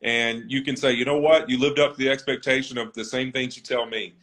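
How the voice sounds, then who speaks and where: A man's voice: medium pitch, fairly even intonation, a little fast, a bit bright. A man in his thirties, a football player being interviewed, talking in an earnest, reflective way about his own story. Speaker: NFL offensive lineman, guest. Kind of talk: conversational interview.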